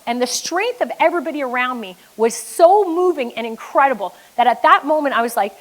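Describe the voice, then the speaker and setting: A Canadian business coach gives a motivational keynote, an emphatic, blunt storyteller who swears at times. Her voice sits high and is expressive and fast, though the audio quality is poor.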